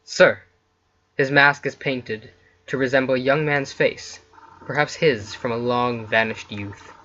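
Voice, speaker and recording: A man's voice: mid-range voice, steady tone, a little slow, bright, forceful tone. Man reading game text, lo-fi mic. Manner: reads story text then chats casually. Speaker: let's play host. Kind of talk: reading interactive fiction aloud.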